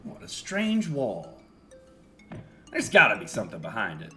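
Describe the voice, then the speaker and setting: A man's voice: fairly low pitch, huge pitch swings, a little slow, bright, forceful tone, faint music behind, heavily acted. A man voicing a cocky, curious young thief with an upbeat manner.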